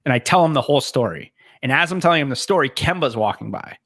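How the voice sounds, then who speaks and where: A man's voice: mid-range voice, expressive, quick pace, a bit bright, no room sound, clean studio sound. A man co-hosting a podcast, telling a long story in casual chat and quoting people along the way. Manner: rambling, quoting others, frequent restarts and laughs. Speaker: podcast co-host.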